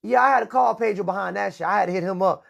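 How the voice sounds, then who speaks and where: A man's voice: high voice, rapid-fire, gravelly, dull audio. Een man die als presentator van een livestream een luide, grof gebekte en opschepperige tirade houdt. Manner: loud, profane, boastful rant. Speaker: host. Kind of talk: livestream talk show.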